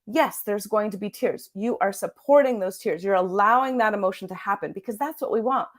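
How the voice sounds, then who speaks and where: A woman's voice: medium pitch, fairly quick. A woman who is a parenting and sleep coach, teaching to camera in an earnest way and often checking in with "okay?".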